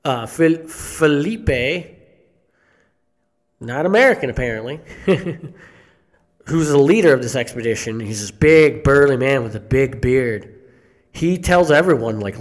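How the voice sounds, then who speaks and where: Slow, halting man telling a horror tale. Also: medium pitch, animated. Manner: slow, halting, with restarts and coughs. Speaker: storyteller. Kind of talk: live horror storytelling on stage. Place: theater stage before an audience.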